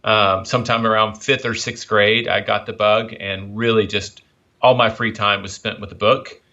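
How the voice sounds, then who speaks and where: Man, light Southern accent, interview guest, relaxed, bright tone, lo-fi sound. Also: fairly low pitch, normal speed. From Memphis, Tennessee. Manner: relaxed, easygoing, uses fillers. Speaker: author and publisher, guest. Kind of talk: casual interview answers. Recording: dull lo-fi sound.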